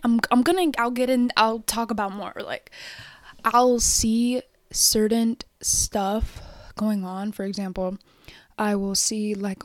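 A woman's voice: medium pitch, a little mellow, dry recording. Teen girl vlogger, rambling and chatty, slips into whispers, dry close sound. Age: teens. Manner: rambling, many fillers, whispery asides. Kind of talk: casual personal storytelling.

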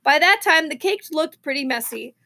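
A woman reading a children's novel aloud, expressive, with small slips and restarts. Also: sits high, moderate pace. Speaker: reader.

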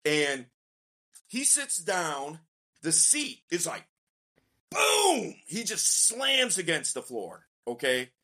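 A man, a dating coach on a podcast, telling a story in a casual, slangy way and acting out the quotes with lively energy. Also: a little high, slow. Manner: animated, slangy storyteller who acts out quotes.

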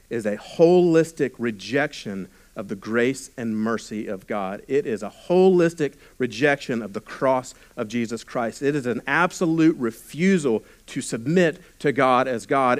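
A pastor preaching a sermon, reading scripture and explaining it, often dropping to a quiet, intimate tone and then rising with force. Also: male voice, mid-range voice. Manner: preaching with sudden drops to a hushed voice and swells in volume.

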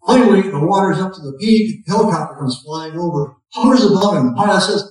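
A man's voice: high voice, expressive, fast talker, few pauses, darkish tone. Folksy preacher man, very echoey and distant. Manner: folksy, self-mocking humor, rising emphasis on punch lines. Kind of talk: sermon with storytelling.

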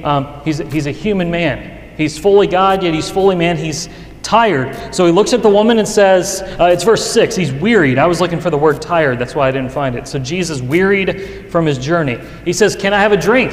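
A man with a fairly high voice preaches earnestly and conversationally, often restarting his sentences. There's slight background noise, and the hall is echoey with long reverb.

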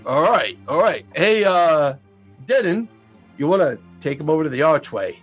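A man's voice: a little high, very animated, normal speed, a bit bright, faint music behind. A man voicing a male bugbear gate guard who gives offhand, casual orders.

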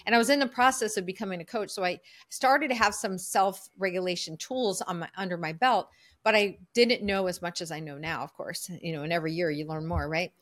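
A middle-aged woman, a coach, telling a personal story as a podcast guest in an earnest, lively way. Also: fairly low pitch, a little fast, hardly any pauses. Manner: lively, earnest storyteller who acts out her own inner voice.

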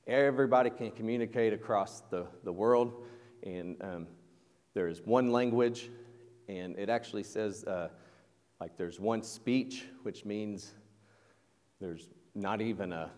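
A man's voice: lowish voice, a little mellow. A man preaching a sermon in a conversational way, restarting his sentences and asking the listeners questions. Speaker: pastor. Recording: long echo of a large hall.

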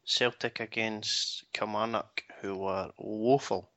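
A Scottish man hosting a casual football podcast, leading the segment in a brisk, matter-of-fact way. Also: lowish voice, steady tone, bright, forceful tone. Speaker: podcast host. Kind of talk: casual chat. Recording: dull lo-fi podcast audio.

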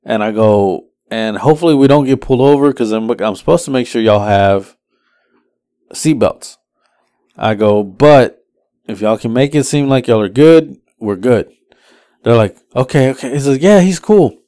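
A man's voice: medium pitch, moderate pace, warm tone, smooth, dry recording, clean studio sound. A man, casually telling a rideshare story as a podcast co-host, acting out his passengers' lines in raised voices.

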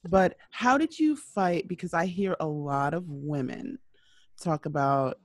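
A woman hosting an interview, chatty and animated, acting out quotes as she talks. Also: low voice, a little slow, no echo, studio quality. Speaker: host. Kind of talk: casual interview talk.

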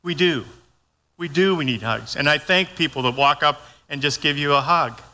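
A man's voice: a little high, moderate pace, pushed and bright. An older man preaching a sermon in a folksy, conversational way, acting out his own lines as he goes. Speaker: pastor. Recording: long hall reverb.

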